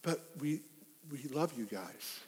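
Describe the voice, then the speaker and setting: A high-pitched man preaching a sermon in a church hall, animated and full of stories. He often laughs at his own tales as he tells them. A long reverb trails every phrase. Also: slow pace, slightly rough. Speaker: pastor.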